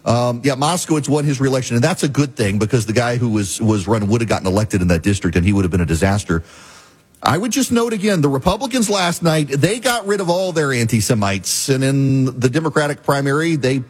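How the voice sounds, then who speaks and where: Husky, scornful talk-radio man. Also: medium pitch, animated. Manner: rapid, scornful, with frequent filler restarts. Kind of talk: opinionated political commentary.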